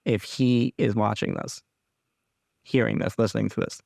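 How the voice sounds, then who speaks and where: A young man hosting his own podcast, talking candidly and haltingly, with frequent restarts and casual swearing. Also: fairly low pitch, creaky, darkish tone, no room sound, studio quality. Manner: rambling, halting, restarts often. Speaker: podcast host. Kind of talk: candid personal podcast monologue.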